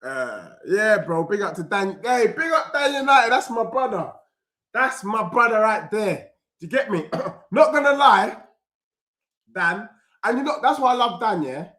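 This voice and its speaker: Excitable young man streaming football. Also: high voice, measured pace. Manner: excitable, slangy, reads out chat messages. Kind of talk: live watchalong reaction.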